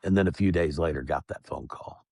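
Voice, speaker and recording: A man speaking as a podcast guest, telling his own story in a plain, calm and reflective way. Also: a bass voice, brisk, creaky, breathy edge, no echo, studio quality. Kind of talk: candid personal storytelling.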